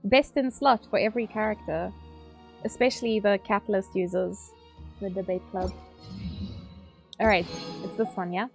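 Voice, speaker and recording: A woman streaming a game, chatting casually with viewers, excitable and swearing, squealing at her pulls. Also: mid-range voice, normal speed, gravelly, long pauses, faint music behind.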